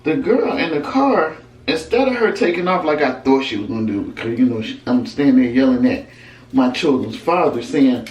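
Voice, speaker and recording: A woman's voice: low voice, a little fast, darkish tone. A woman recounting a personal story in a storytime vlog, talking emphatically and conversationally. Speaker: vlogger telling a personal story. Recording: roomy echo, mic at a distance, faint background hum.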